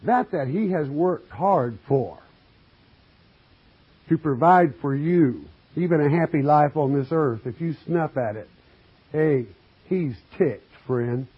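A man with a slightly high, husky voice preaches a sermon, reading scripture and expounding on the Bible slowly and emphatically. He asks the congregation folksy questions, adds homespun asides and calls listeners friend, in a dull lo-fi recording.

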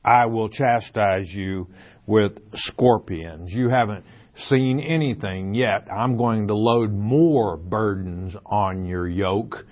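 Slow low-voiced man teaching scripture. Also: dull audio. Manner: reads scripture aloud, then explains in plain talk with fillers. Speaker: Bible teacher. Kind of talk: verse-by-verse Bible teaching.

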